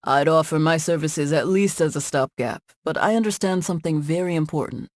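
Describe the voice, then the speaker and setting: A woman's voice: deep voice, brisk, a little mellow, no echo, studio quality, close to an everyday voice. A woman voicing an easygoing, joking middle-aged man who runs a tech company, in an audiobook.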